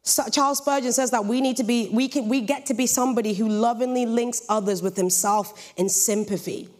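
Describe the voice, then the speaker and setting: A young British woman preaching a sermon with a lively, jokey storytelling manner. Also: fairly high pitch, brisk. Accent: British English. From Britain.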